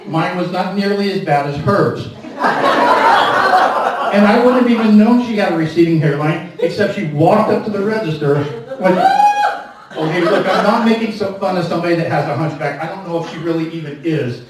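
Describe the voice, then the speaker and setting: A man's voice: high-pitched, brisk, very noisy. A man performing a stand-up comedy set, telling a story with incredulous rants. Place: comedy club stage. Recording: echoey live venue from a distance. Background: audience laughter.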